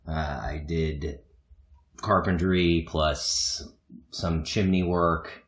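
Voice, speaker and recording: A man's voice: a bass voice, steady tone, extremely slow. A man co-hosting a podcast, telling a long self-mocking story in a rambling, casual way and laughing often. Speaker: podcast co-host. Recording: echoey room.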